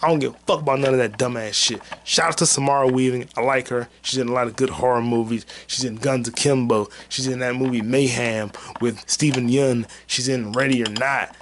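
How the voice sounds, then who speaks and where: A man's voice: mid-range voice, fairly even intonation, a little fast, hardly any pauses, a bit bright, a little hiss or hum. A man hosting a solo podcast, rambling through a movie review in a profane, joking way. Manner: rambling, profane, jokey, puts on silly voices for quotes. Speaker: podcast host. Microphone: mic on camera.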